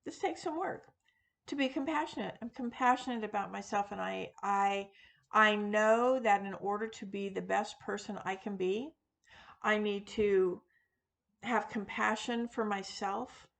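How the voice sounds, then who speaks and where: Woman host, unscripted chat to camera, unhurried delivery, lots of ums and self-corrections. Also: medium pitch, creaky. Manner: rambling, frequent fillers and restarts, self-deprecating. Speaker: witchcraft video host; teacher of classes. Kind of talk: casual unscripted monologue.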